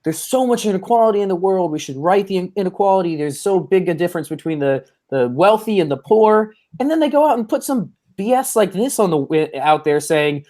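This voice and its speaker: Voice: medium pitch, animated, mellow. Indignant podcast co-host. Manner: indignant, quick agreement. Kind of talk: casual podcast chat.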